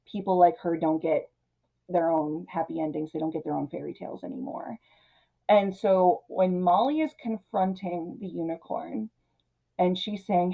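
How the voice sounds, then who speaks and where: Chatty woman with a low voice. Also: vocal fry, rough recording. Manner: chatty, animated, quotes characters in her own voice. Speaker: video essay host. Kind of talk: casual film recap commentary.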